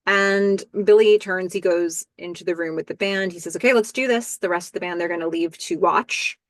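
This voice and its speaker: A woman's voice: lowish voice, normal speed, no room sound. A woman hosting a podcast, chatting casually through a show recap and thinking aloud with ums and asides. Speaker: podcast host.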